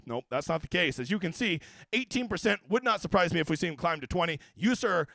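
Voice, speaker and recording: A man's voice: sits high, animated, fast talker, vocal fry, a bit bright, no echo. A man hosting a casual fantasy golf livestream, talking in brash, profane, joking rants. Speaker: fantasy sports golf analyst.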